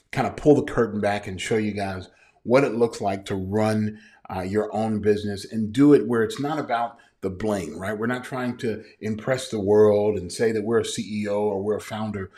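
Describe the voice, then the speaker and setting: Low-voiced casual podcast host. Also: male voice, darkish tone. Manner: casual, earnest, many fillers and restarts. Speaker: podcast host and business coach. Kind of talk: podcast introduction monologue.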